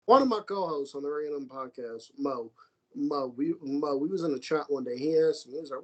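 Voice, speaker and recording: An American man talking wrestling on a casual podcast, animated and swearing, repeating himself as he rants. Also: a little high, fairly quick, poor audio. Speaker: podcast co-host.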